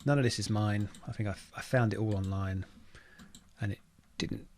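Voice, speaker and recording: A man talks through a computer setup in an easygoing, thinking-aloud way. His voice sits low with a gravelly edge. Faint hiss and keyboard clicks sit under him. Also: moderate pace. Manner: relaxed, thinking aloud while typing. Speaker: automation engineer teaching a tech tutorial. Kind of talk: casual screen-recorded walkthrough.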